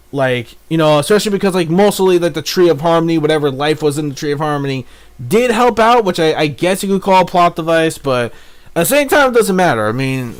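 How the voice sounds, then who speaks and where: A man giving a casual spoken review of a cartoon episode, excitable and rambling, with plenty of fillers and swearing. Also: a little high.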